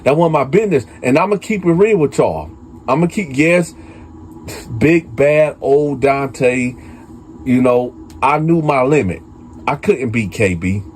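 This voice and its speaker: A man's voice: mid-range voice, animated, takes it slowly, a little hiss or hum. Casual male prison storyteller. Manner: conversational, addresses viewers as y'all, many fillers. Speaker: storyteller host.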